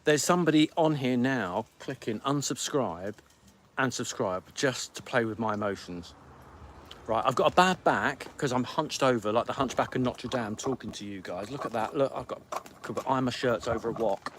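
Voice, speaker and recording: A man's voice: medium pitch, slight background noise. Grumpy man pleading for subscribers. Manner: grumpy, theatrical, pleading with viewers; rapid-fire like an auctioneer. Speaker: podcast host on live stream. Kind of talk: casual live-stream chat.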